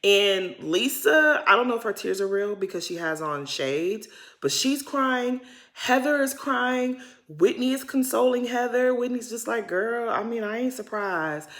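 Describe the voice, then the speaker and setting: A woman's voice: a little high, lively intonation, unhurried, fairly bright tone. Chatty, slangy woman recapping reality TV. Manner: chatty, slangy and dramatic, addressing viewers as "y'all". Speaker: recap vlogger.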